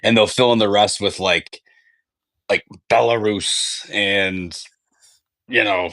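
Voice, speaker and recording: A man's voice: fairly low pitch, steady tone, slow, pushed and bright, no echo. A man hosting a sports podcast in casual chat, rambling and swearing freely. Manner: rambling, profane, self-correcting. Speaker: podcast host.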